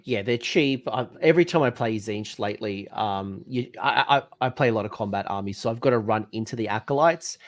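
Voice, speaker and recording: A man's voice: lowish voice, brisk, few pauses. A man hosting a casual tabletop gaming chat, talkative, stumbling over his words and asking questions. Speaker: podcast host.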